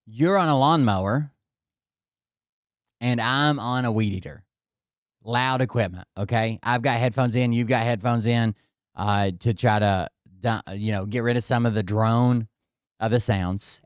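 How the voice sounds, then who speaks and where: Rambling, profane man with a smooth voice. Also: mid-range voice, measured pace, no room sound, studio quality. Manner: rambling and profane, addresses viewers directly. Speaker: vlogger. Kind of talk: casual storytelling to viewers. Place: indoors at his home.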